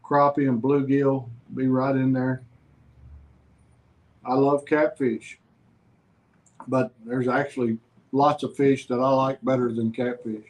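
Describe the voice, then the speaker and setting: A man's voice: mid-range voice, little pitch movement, takes it slowly, pauses often, poor audio. A man talking as a guest in a casual chat, easygoing and plainspoken.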